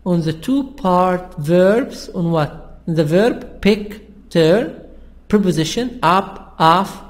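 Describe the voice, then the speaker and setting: A man teaching an English lesson in a slow, repetitive, explaining manner. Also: high voice. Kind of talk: classroom language lesson.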